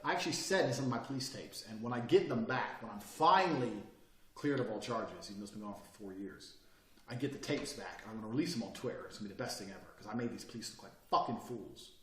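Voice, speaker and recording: A man's voice: lowish voice, expressive, fast. A man teaching a course on body language and speaking, brash and profane, pushing his points hard and mocking people who hesitate. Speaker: online course presenter. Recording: roomy echo, mic at a distance.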